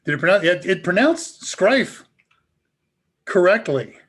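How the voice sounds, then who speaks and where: Chatty upbeat man demoing software. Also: a little high, normal speed. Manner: casual and upbeat, chuckles often. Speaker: tech instructor hosting a live Q&A. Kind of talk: live demo talk.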